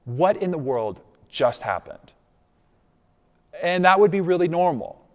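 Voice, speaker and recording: This preacher's voice is a little high, with lively intonation and no rush. Speaking from the church sanctuary, he addresses the congregation in a conversational manner, checking in with "right?", as long reverb fills the large room.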